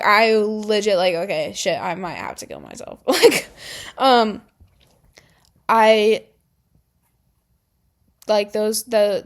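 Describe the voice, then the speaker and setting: Young woman, vlogger, casual storytelling, filler-heavy, exasperated, slightly high pitch. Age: young adult.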